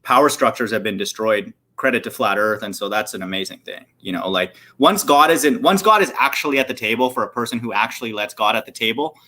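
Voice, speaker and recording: A man's voice: fairly low pitch, fast, hardly any pauses, bright, forceful tone. A man hosting a casual livestream chat, talking loosely in slang with lots of "dude" and "like". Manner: loose slangy talk, says "dude" and "like" often. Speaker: host. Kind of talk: casual conversation on a livestream panel.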